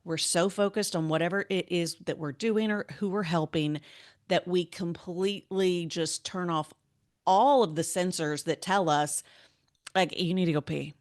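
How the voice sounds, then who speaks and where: A woman's voice: fairly low pitch, unhurried. A woman hosting an interview podcast, chatty and enthusiastic, often saying "like" and "right". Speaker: podcast host. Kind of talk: casual interview chat.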